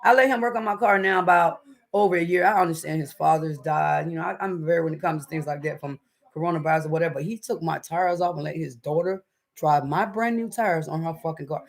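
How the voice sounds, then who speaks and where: Talking fast in a deep voice with vocal fry, a woman who hosts a cooking channel livestreams casually from inside her home. She has a Southern North Carolina accent, addresses viewers as y'all, and apologizes after swearing; the recording is low quality.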